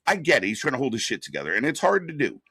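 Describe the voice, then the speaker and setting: A man talks wrestling in a blunt, profane rant at a medium pitch. His voice sits close and dry on the mic with no room sound. He fires off opinion after opinion in a loose, casual chat. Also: huge pitch swings, rapid-fire, bright, forceful tone, slightly rough, no echo. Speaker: wrestling commentary host.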